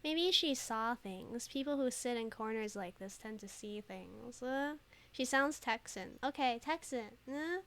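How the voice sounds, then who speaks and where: A woman's voice: fairly high pitch, expressive, unhurried, fairly bright tone. A woman streamer chatting casually over a game, laughing often and thinking aloud with lots of fillers. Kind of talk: casual let's play commentary.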